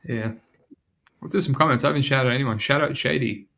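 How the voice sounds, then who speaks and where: A man with a New Zealand accent hosts a casual podcast, talking loosely with plenty of slang. His voice sits at a middling pitch. It has an easygoing, chatty flow. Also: fairly quick, gravelly, a bit bright. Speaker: podcast host. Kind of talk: casual betting podcast chat.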